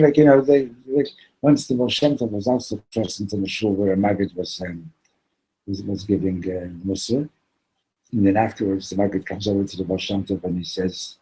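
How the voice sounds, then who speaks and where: A man teaching a Torah class, telling stories in an animated way, acting out the characters and sprinkling in Yiddish and Hebrew words. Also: fairly low pitch, moderate pace, long pauses, slightly rough, poor audio.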